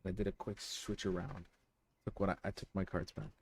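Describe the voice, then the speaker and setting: A man streaming from home, telling a personal story to his chat in a casual, animated, profane way, full of restarts. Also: deep voice, brisk, vocal fry, breathy edge. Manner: animated, profane, lots of restarts and "you know".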